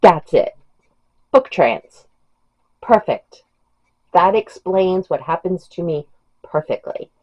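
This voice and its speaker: A woman's voice: on the low side, lively intonation, slow pace, long pauses. A woman vlogger chatting about books in a rambling, gushing way. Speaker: book vlogger. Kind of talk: casual chat about books. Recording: dull lo-fi home recording.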